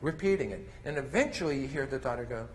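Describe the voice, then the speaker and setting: A man's voice: medium pitch, lively intonation, fast, in a large hall, a little hiss or hum. A man presenting a conference session, explaining step by step as he demonstrates with toys. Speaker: conference presenter on mand training. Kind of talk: lecture with live demonstration.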